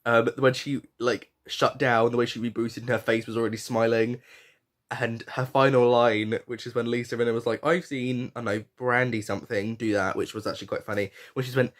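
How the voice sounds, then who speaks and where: A man's voice: medium pitch, flat delivery, fairly quick. A man chatting casually as a podcast host, frank and given to swearing, with fillers and restarts. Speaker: podcast host reviewing a reality show. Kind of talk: casual review chat.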